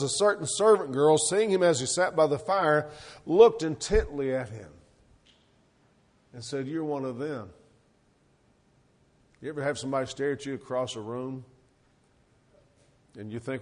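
A man preaching a sermon, asking the congregation rhetorical questions and letting his voice rise and fall. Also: on the high side. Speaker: pastor.

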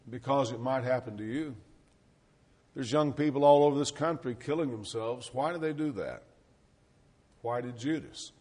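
A man's voice: medium pitch, darkish tone. A man preaching a sermon, asking the congregation rhetorical questions and letting his voice rise and fall. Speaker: pastor.

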